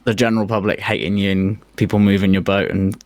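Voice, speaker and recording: Dry-witted low-voiced man. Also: fairly even intonation, fast talker, a little mellow, dry recording. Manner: dry, short teasing replies. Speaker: podcast co-host. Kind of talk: casual chat.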